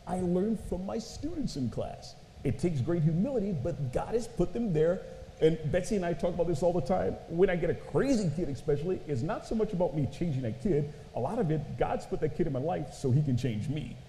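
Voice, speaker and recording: In an echoey hall with faint background noise, a man delivers a chatty, playful sermon built around stories, often calling the crowd "you guys." His voice is a little high, warm, animated, and brisk.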